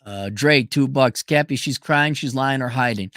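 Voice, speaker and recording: A man hosting a casual livestream, talking bluntly and emphatically, jumping between loud declarations and low muttered asides as he reads viewer messages. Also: normal speed, no echo, studio quality. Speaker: livestream host reading super chats.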